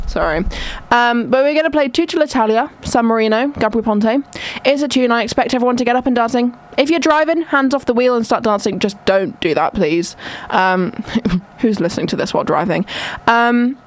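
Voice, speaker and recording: A young woman hosting a radio show, chatting in an excitable, theatrical way and often interrupting herself. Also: a little high. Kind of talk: casual radio chat.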